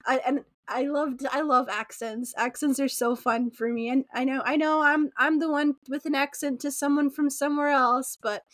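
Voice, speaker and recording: A woman from Utah talks through a podcast interview in a high, light voice. She is chatty and laughs often. The sound is dry, with no room around her. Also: fairly even intonation, normal speed, few pauses, a bit bright, dry recording. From Utah, USA. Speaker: podcast guest. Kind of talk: casual interview conversation.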